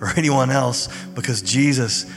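Man, pastor, casual conversational sermon, long hall reverb, soft music behind. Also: mid-range voice, a little slow. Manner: conversational, informal preaching with fillers. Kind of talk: sermon and prayer.

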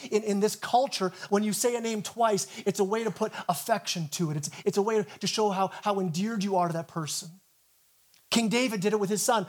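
Pastor, male, light high voice, earnest sermon delivery, stammers into phrases. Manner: earnest, stammers and repeats words at the start of phrases. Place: church.

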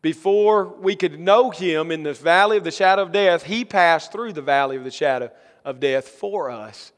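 A man with a notably high voice delivers a sermon from the pulpit. He reads scripture slowly and builds to emphatic, rising lines, and his voice rings on in the long reverb of a church sanctuary. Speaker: pastor.

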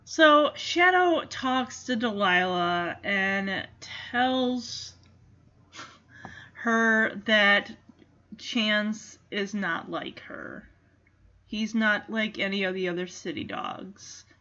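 Chatty bright-voiced woman recapping a movie. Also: mid-range voice, extremely slow, lo-fi sound. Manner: chatty, reactive, heavy use of "like". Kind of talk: casual movie recap commentary.

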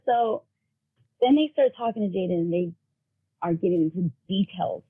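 A woman's voice: lowish voice, animated, normal speed, husky. A woman telling an emotional story about her son in casual chat, acting out the voices of the people in it. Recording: phone-like narrow sound.

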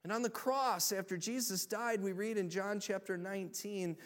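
A man preaching a sermon as pastor, energetic, rallying the congregation and building to loud proclamations. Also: sits high, normal speed.

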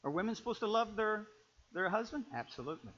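A man preaching a sermon on marriage, animated, swinging between loud exclamations and quiet storytelling. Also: high voice, fast talker. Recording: muffled lo-fi recording.

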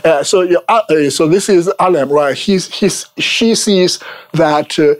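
High-voiced man lecturing, "right?" constantly. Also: measured pace. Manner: tags nearly every phrase with "right?", many fillers and restarts; laughs at his own asides. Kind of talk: informal lecture.

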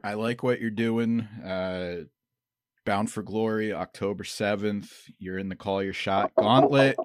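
A man's voice: fairly low pitch, measured pace, no room sound, studio quality. A man interviewing a wrestler in an easygoing, conversational way. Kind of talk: casual interview.

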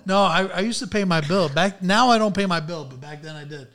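A man's voice: high voice, brisk, a bit bright. A man in his thirties co-hosting a casual podcast chat, laid-back with dry humor and a lot of "like". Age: 30s. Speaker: podcast co-host.

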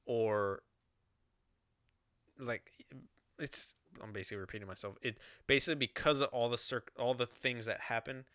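A man's voice: medium pitch, steady tone, normal speed, pauses often, a bit bright, smooth, dry recording, clean studio sound. A man telling a personal story in a rambling, casual way, with lots of swearing and fillers.

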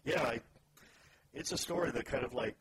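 A man reading scripture aloud and then reflecting in halting, searching phrases during a casual faith discussion. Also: mid-range voice. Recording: noisy background ambience.

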